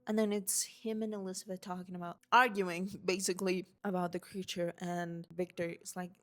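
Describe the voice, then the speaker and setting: A young woman vlogging at home, rambling excitedly and swearing casually about a film while waving a handheld mic. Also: lowish voice, moderate pace, hardly any pauses. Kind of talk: unscripted excited movie rant. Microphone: handheld mic waved around.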